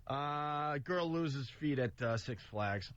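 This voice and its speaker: A man's voice: on the high side, lively intonation, slow, fairly bright tone. A man hosting a radio talk show, chatting loosely, reading out news items and taking callers. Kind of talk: casual radio banter. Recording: dull radio archive with faint hiss.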